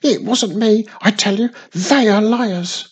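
A woman's voice: medium pitch, drawn-out words, husky, voice pushed up, heavily acted. A woman voicing a defiant young boy slime monster who screams and whines his denials. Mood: protesting.

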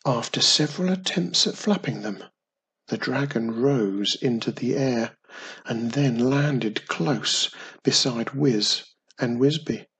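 A storyteller reading a children's tale at an unhurried pace. The voice is deeply gravelly and very raspy, with the rough grain carrying through every line, and the pitch stays in a middle range. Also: fairly bright tone.

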